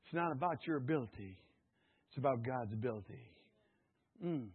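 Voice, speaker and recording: A man preaching a sermon, calling out questions to the congregation and rising to shouts. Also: mid-range voice, animated, moderate pace, long pauses, breathy edge. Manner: call-and-response, rising to shouts. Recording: tinny phone-like sound.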